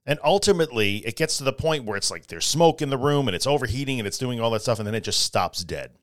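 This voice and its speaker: A man's voice: mid-range voice, animated, quick pace, fairly bright tone, no echo, studio quality. A middle-aged man hosting a solo podcast, talking casually but earnestly and repeating his key phrases for emphasis. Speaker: podcast host.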